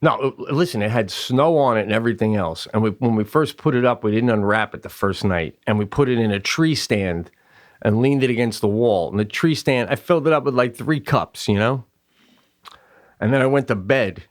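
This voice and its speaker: A man co-hosting a podcast, telling a long, rambling family story with lots of fillers and swearing, and jumping up into loud voices when he acts out quotes. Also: mid-range voice, moderate pace. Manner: animated, raises voice sharply when acting out quotes. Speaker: podcast co-host. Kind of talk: casual storytelling chat.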